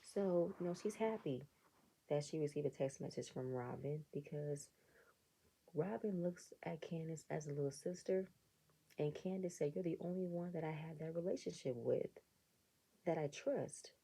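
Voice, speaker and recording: Low husky-voiced woman doing a sarcastic reality tv recap, gravelly edge, chatty. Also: moderate pace, rough recording. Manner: animated, sarcastic commentary with mock quoted reactions. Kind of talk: casual episode review.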